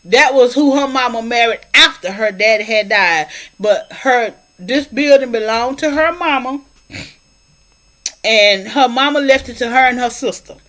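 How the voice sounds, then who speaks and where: A woman recapping a movie's plot in a casual, animated, colloquial way, slipping into character voices. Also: fairly high pitch, unhurried. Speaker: movie reviewer.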